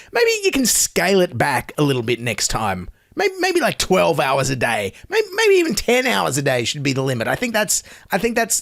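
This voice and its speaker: Sarcastic Australian man, animated pitch. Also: creaky, no room sound, clean studio sound. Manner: sarcastic, mocking. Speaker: podcast host. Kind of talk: satirical commentary.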